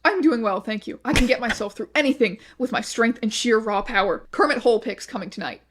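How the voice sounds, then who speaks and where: A woman narrates a video essay, reading out online posts one after another. Her delivery is flat and measured, and her voice sits slightly higher than usual.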